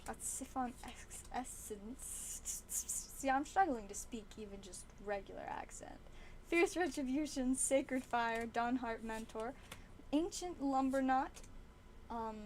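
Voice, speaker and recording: High-voiced chatty woman streamer. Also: darkish tone, a little hiss or hum. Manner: rambling, chatty, many "like" fillers. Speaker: card-opening livestream host. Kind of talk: casual live-stream chat.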